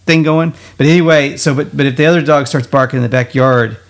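A man hosting a podcast in casual chat, playful and quick to laugh. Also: mid-range voice, steady tone, crowd noise. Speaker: podcast host.

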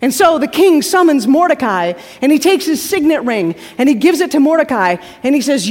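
A woman preacher retelling a story in a lively sermon, acting out the characters and dropping to a hush at tense moments. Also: high voice, a little fast, hardly any pauses. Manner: acts out the characters with shifting voices, drops to hushed tones. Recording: hall reverb from a live talk.

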